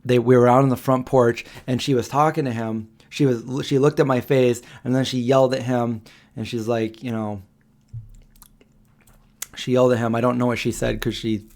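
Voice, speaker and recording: On his live Q&A stream, a man in his forties tells a story casually and ramblingly, with lots of fillers and restarts. His voice is mid-range and a little mellow.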